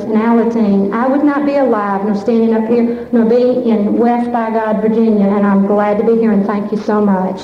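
A woman speaks nervously and from the heart, stopping and restarting as she shares her story. Her voice sits a little high. It carries through a big echoing hall with a long reverb tail and a faint hiss underneath. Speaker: speaker at a recovery fellowship meeting. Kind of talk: personal testimony speech. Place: large meeting hall. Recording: echoey hall, muffled lo-fi sound, faint hiss.

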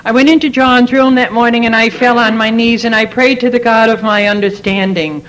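A woman's voice: on the high side, steady tone, brisk, few pauses, fairly bright tone, a little hiss or hum, low-quality recording. Earnest middle-aged woman telling her story. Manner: earnest, heartfelt storytelling with repeated phrases. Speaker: speaker sharing her story at a recovery meeting. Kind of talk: personal testimony talk.

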